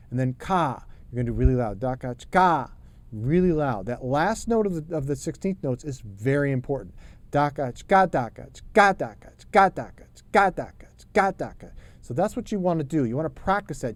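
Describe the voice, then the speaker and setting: A middle-aged man teaching a drum lesson, talking in a relaxed, chatty way and singing rhythm syllables. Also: mid-range voice.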